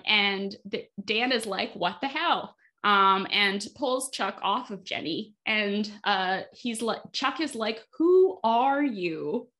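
Casting note: bright, talkative woman, podcast host, casual recap, quotes characters in passing. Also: medium pitch. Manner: chatty, frequent fillers, acts out quotes. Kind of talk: casual chat.

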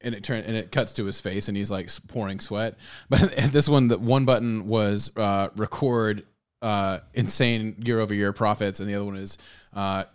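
A man's voice: lowish voice, steady tone, normal speed, clear, resonant tone. Rambling, laughing podcast co-host man. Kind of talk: casual chat.

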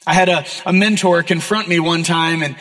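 A young male pastor with a notably high voice delivers an earnest, conversational sermon, slipping in self-deprecating asides. His words ring out with a long reverb tail, as in a big church hall. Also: steady tone, normal speed, a bit bright. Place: church auditorium.

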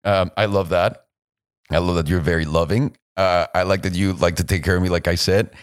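A young man co-hosting a podcast, chatting casually and telling animated stories with acted-out quotes. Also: low-pitched, fairly quick, dry recording, studio quality. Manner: storytelling, animated, acts out quotes in a raised voice. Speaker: podcast co-host. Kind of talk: casual chat.

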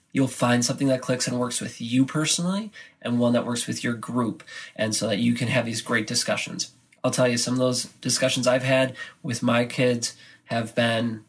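A man who directs a choir, giving energetic podcast tips to other choir directors and acting out classroom moments as he goes. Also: mid-range voice.

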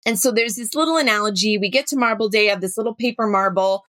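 A middle-aged woman, a workshop facilitator telling a story with animated, acted-out dialogue. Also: medium pitch, fast, no echo. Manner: animated, acts out dialogue in her stories. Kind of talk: storytelling talk.

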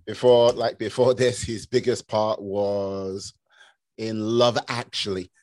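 A man's voice: on the low side, steady tone, slow pace, darkish tone, no echo. A British man hosting a casual interview, chatty and playful, with lots of fillers. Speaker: interview host.

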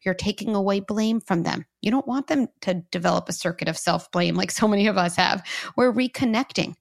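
A woman's voice: medium pitch, brisk, gravelly. Woman explaining in a podcast interview. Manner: explains step by step, guides listeners through exercises. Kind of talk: conversational interview.

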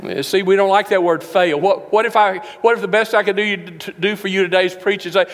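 A man preaching a sermon in a church, emphatic, slowing down to stress each verse. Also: high voice, fairly even intonation, a bit bright. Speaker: pastor. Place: church sanctuary. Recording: long reverb of a large hall.

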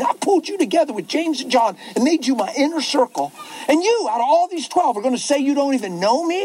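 A preacher voicing Jesus, blunt and scolding. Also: male voice, extremely high pitch, darkish tone, a little hiss or hum, low-quality recording. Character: Jesus rebuking a boastful disciple, adult man.

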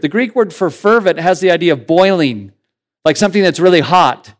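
Guy preaching, high voice, really lively ups and downs, talks like a friend then gets fired up. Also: normal speed. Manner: animated, conversational preaching with rising emphasis. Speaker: pastor. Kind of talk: sermon.

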